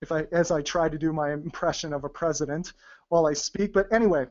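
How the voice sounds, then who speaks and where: Chatty male poker coach on lo-fi webinar audio. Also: on the high side. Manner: deliberate presenter's voice spoken from the gut; chatty, with frequent fillers and asides. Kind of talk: webinar presentation.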